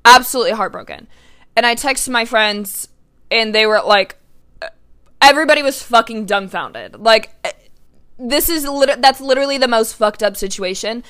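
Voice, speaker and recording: A woman's voice: fairly high pitch, moderate pace, fairly bright tone, clear, resonant tone. A young adult woman hosting a podcast, telling a story casually and emphatically, swearing often and saying "like" a lot. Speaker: podcast host.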